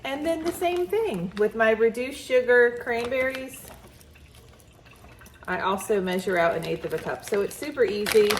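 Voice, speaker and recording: A chatty woman from the American South talks casually to the camera, still in her morning voice and laughing easily. Her pitch is mid-range. There is a faint hum of home ambience behind her. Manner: chatty and friendly, laughing often. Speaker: vlogger. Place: farmhouse kitchen.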